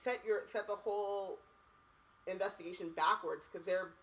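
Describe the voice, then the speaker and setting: A woman's voice: medium pitch, steady tone, normal speed, fairly bright tone, rough recording. A woman co-hosting a podcast, chatting casually and reading a book aloud, with lots of "like" and "you know what I mean". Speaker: podcast co-host.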